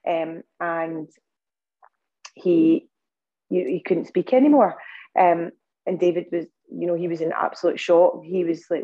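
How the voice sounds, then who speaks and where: A woman's voice: on the low side, steady tone, a little slow, pauses often, muffled recording. A Scottish woman, a podcast guest, telling a long personal story in casual interview talk, with earnest pacing and many fillers and restarts. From Scotland.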